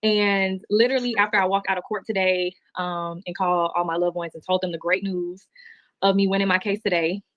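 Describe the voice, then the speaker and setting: Woman, emotional livestream monologue, rapid delivery, dull dry replayed audio. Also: medium pitch, fairly even intonation, dry recording. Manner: chatty, heartfelt, rambling.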